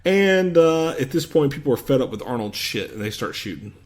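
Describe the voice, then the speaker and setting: In a relaxed movie-recap conversation, this podcast co-host retells the film with great animation, performing scenes in exaggerated voices. He has a mid-range voice, is very animated, and talks a little fast.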